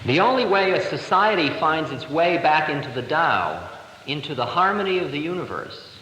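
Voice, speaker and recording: A man in his thirties giving a spiritual talk to an audience, telling stories in a lively, expressive way. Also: a little high. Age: 30s. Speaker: spiritual teacher. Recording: echoey hall, 1970 live recording, faint hiss.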